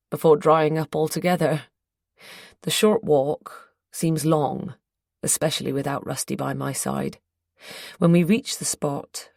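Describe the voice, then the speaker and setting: A woman reading a first-person audiobook in a measured, intimate storytelling manner. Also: low voice, gravelly, darkish tone, no echo, studio quality. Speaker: audiobook narrator.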